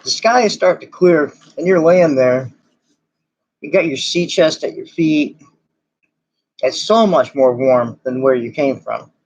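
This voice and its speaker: A man's voice: fairly high pitch, a little slow, a little mellow. A man narrating as game master in a casual, rambling way with many fillers. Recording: dull lo-fi recording.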